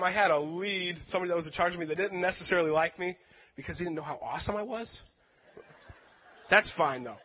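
A man with a high voice preaches and tells a personal story, earnest and emotional, with self-deprecating humor. His words ring out with a long hall echo, and the sound is dull and lo-fi.

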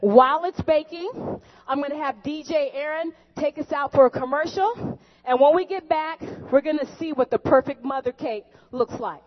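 A woman's voice: sits high, normal speed, hardly any pauses. A woman hosting a comic cooking show skit, chatty and joking with the viewers. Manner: chatty, jokey, talks to viewers. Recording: dull lo-fi recording.

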